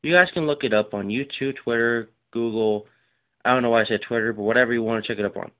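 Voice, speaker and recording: A tired man rambling casually through his game collection, with lots of fillers and rushed asides. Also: mid-range voice. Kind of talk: casual unscripted show-and-tell. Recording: dull lo-fi recording.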